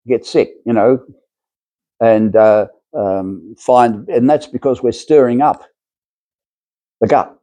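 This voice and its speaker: An older man lecturing on spiritual topics in a rambling, unhurried way, stopping and starting with fillers as he goes. His voice is mellow and dark, sitting at a middle pitch for a man. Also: dry recording. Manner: rambling, hesitant, many fillers and restarts.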